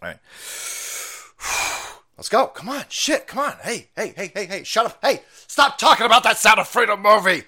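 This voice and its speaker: A middle-aged man hosting a livestream, ranting in a loud, foul-mouthed, rambling way and laughing easily. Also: sits high, lively intonation, unhurried. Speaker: stream host. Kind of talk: profane ranting livestream monologue.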